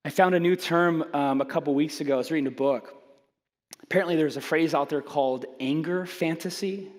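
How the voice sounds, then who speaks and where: High-voiced pastor preaching in a big hall. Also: male voice, fairly quick. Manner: animated, self-mocking, acts out voices. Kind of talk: sermon with humorous storytelling.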